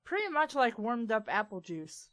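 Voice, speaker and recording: High, lively woman cracking sarcastic asides. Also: moderate pace, dry recording. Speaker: fanfiction reader. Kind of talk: comedic reading and banter.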